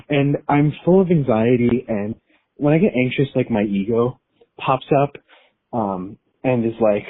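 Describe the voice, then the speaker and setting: Over a tinny phone voicemail line, a man in his thirties leaves an anonymous, confessional message, rambling nervously and doubting himself. His mid-range voice is animated and a bit breathy, at a moderate pace.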